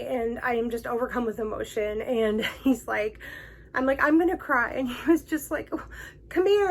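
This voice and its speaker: A woman's voice: fairly high pitch, poor audio. A woman hosting her own vlog, telling a personal story in a gushing, emotional way and laughing often between words. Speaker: vlog host.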